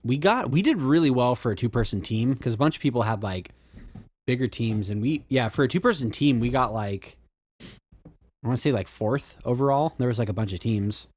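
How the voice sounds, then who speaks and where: A man's voice: medium pitch, animated, normal speed, a little mellow. A man co-hosting a podcast in casual chat, rambling with fillers and restarts. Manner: rambling, frequent fillers and restarts, laughs often. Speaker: podcast co-host.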